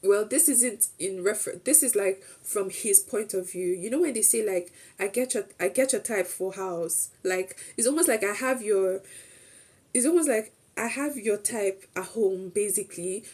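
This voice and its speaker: A young woman talks her viewers through her day in a relaxed, chatty way, circling back and restarting sentences as she goes. Her voice is slightly husky with a warm, mellow tone. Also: mid-range voice, moderate pace. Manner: chatty and rambling, with restarts and quoted asides. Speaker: streamer. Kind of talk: casual storytelling recap.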